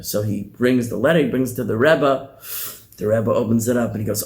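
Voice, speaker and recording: A man, a rabbi teaching a class, telling a story in a conversational, animated way with many restarts. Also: mid-range voice, moderate pace. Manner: animated, conversational, repeats words. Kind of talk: storytelling in a lecture.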